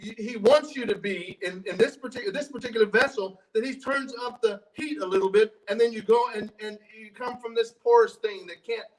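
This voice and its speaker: Preaching conversationally in church, a man with a high-sitting voice talks a bit fast with few pauses. He reads scripture, repeats and restarts phrases, and puts questions to the congregation, captured on low-quality audio from a distance.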